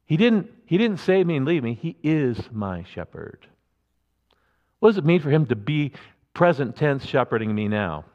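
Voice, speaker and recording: A male pastor gives a casual, emphatic sermon, often stopping and starting over mid-sentence. His voice sits a little high for a man. The recording sounds dull and carries a long reverb from the hall. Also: animated, brisk. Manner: conversational, emphatic, with many restarts.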